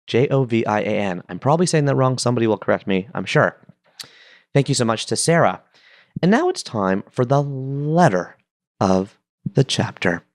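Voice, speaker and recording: Animated, chatty podcast host man. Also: mid-range voice, no echo, studio quality. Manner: enthusiastic, chatty, playful asides. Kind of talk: casual podcast monologue.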